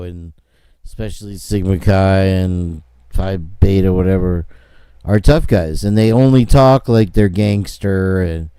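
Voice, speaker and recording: A man's voice: on the low side, dark tone, smooth, no echo, clean studio sound. A man hosting a casual commentary show, rambling with sarcastic asides and chuckles. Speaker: host.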